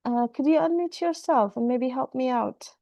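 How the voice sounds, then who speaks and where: A woman's voice: high voice, moderate pace, creaky, warm tone, dry recording. A woman teaching French in an online class over a video call, repeating phrases and switching between French and English.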